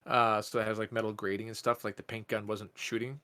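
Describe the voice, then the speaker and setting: A man's voice: lowish voice, flat delivery, fairly quick, bright, forceful tone, smooth. A man, co-hosting a podcast and telling a story in casual chat, swearing a lot and acting out quotes. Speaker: podcast co-host.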